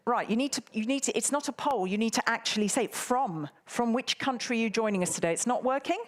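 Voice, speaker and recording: A woman's voice: a little high, quick pace. A woman moderating a live conference, bantering and teasing the audience in a playful way. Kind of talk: live event hosting.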